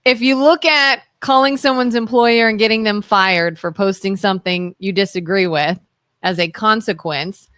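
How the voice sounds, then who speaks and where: A woman co-hosting a live talk radio show, animated as she retells stories and acts out quotes. She asks her co-host pointed questions. The sound is close and dry, with no room echo. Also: medium pitch, normal speed, clean tone.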